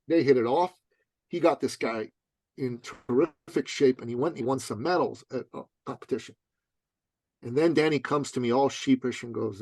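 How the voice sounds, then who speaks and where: A podcast guest with a dark, husky voice, recorded with no echo, tells an animated story. He's emphatic and slangy, acting out both sides of the dialogue in high voices.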